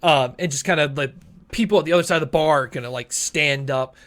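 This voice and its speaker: A man narrating a tabletop game as game master, lively and often laughing. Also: a little high, fast.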